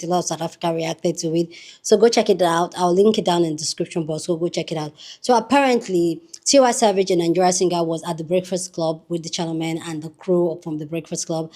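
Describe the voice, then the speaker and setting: A woman's voice: lowish voice, darkish tone. A woman hosting her own channel, chatting upbeat and straight to her viewers. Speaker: vlogger host. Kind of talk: casual commentary.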